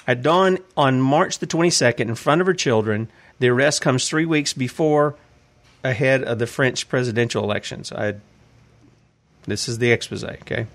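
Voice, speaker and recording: A man hosting a casual commentary show, reading news articles aloud and asking rambling questions about them. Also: mid-range voice. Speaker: host.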